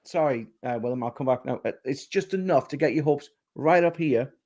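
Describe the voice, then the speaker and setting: A man's voice: mid-range voice, fairly quick, darkish tone. A man in a casual live-stream chat, speaking eagerly.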